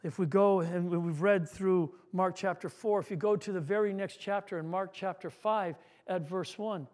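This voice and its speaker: High-voiced male pastor preaching. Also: steady tone, normal speed, darkish tone. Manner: earnest preaching, repeats words, acts out a joke story. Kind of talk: sermon.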